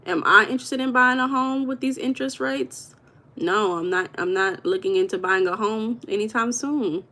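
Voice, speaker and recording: A woman's voice: on the high side, normal speed, pushed and bright. A woman hosting a live stream, chatting casually and reading viewers' comments aloud with an affectionate manner. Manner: affectionate, calls viewers baby.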